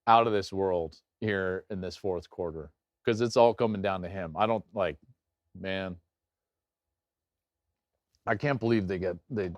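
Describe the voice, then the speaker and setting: Animated man hosting a game watch-along. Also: sits low, dry recording. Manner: animated, jumps into loud acted-out anecdotes. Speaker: host and game analyst. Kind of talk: excited watch-along commentary and storytelling.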